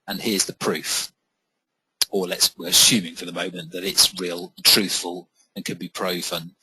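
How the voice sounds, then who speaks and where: Male presenter for a career webinar, plain-spoken, slightly low, husky. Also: sharp tone, no room sound, rough recording. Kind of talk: webinar-style talk.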